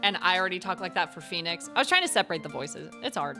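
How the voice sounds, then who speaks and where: A woman's voice: on the low side, big pitch swings, fast. A young woman casually chatting while playing a game, laughing often and swearing freely over game music. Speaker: gaming streamer. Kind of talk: casual let's-play chat.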